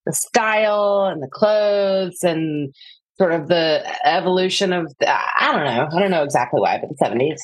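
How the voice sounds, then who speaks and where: A woman in her forties chats with her sister on a podcast, pausing to think and laughing easily. Her voice is mid-pitched with a soft breathy edge. The recording is dry and close. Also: no echo, poor audio. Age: 40s. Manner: chatty, hesitant, laughs easily. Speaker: podcast guest. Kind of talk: casual chat between sisters.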